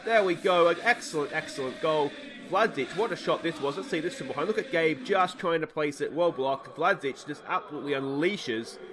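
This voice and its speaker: A young Australian man commentating his own football management gameplay, calm between plays and shouting with laughter when goals go in. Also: fairly high pitch, fairly quick, few pauses, background noise. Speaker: let's play host.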